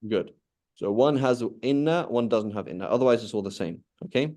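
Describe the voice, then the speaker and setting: Man, teacher, mellow warm voice, patient, questioning, repeats points. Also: mid-range voice, animated, brisk. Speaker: Arabic teacher. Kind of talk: live online class teaching.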